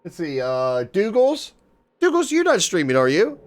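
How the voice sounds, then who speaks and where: A man chatting casually on a live stream, excitable and swearing, shouting out viewers in chat. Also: sits high, normal speed. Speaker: livestreamer.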